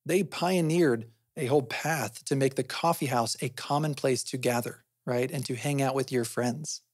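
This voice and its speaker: A man's voice: medium pitch, moderate pace, slightly rough, no room sound, clean studio sound. A man hosting a podcast, explaining things in a conversational way and often asking himself questions, then answering them. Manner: often adds "right?" as a tag. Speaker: podcast host.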